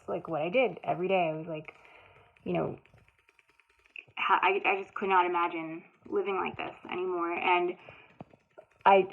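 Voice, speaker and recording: Woman in her thirties, heartfelt first-person storyteller with a halting delivery and a thin, lo-fi sound. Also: lowish voice. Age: 30s. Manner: emotional, halting, many restarts and fillers. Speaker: author telling her story. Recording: tinny phone-like sound.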